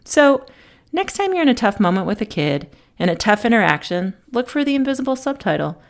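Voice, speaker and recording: A woman's voice: a little high, brisk, vocal fry. A middle-aged woman teacher giving an instructional talk, telling classroom stories with acted-out quotes. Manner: lively anecdotes with acted-out quotes.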